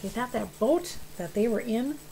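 A woman teaching children's church, telling a Bible story with animated emphasis and questions to the kids. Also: on the high side, moderate pace, a little hiss or hum, low-quality recording.

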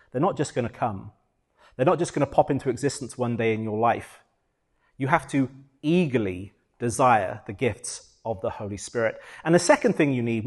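A middle-aged British man preaching from the pulpit, his voice sitting a little high for a man. He tells his story with animation, swinging loud and soft as he acts out his own prayers. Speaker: pastor. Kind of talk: sermon.

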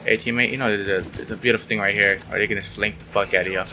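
A gaming YouTuber with a low, steady, pushed and bright voice rattles off quick commentary on his online shooter match. The young man is sarcastic, swears often, and yelps when frustrated, with slight background noise in the clip.

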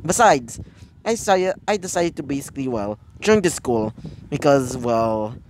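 A man's voice: mid-range voice, lively intonation, normal speed, darkish tone, slight background noise, natural voice, low-quality recording. A man voicing a cheeky teenage girl, a former villain turned hero student, talking breezily and chuckling at herself in a fan story. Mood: breezy. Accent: claims British but sounds unchanged.

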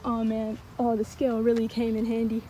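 A tired woman with a cracking voice, rambling excitedly in a casual outdoor fishing vlog by a pond, recorded on a handheld camera. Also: on the high side, fairly quick, a little hiss or hum, poor audio. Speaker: fishing vlogger. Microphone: handheld phone or action camera.

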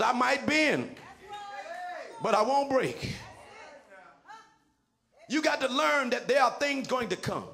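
A male pastor preaching in a very high, gravelly voice that swoops up and down. His tone is bright and tense, and he shouts his lines in a sing-song preaching cadence with folksy everyday phrasing. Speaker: senior pastor. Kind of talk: preaching a sermon.

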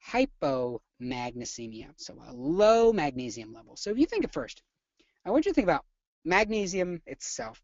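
A nursing instructor teaching a live webinar lecture, energetic and chatty, often quizzing the audience. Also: medium pitch, no echo, dull audio.

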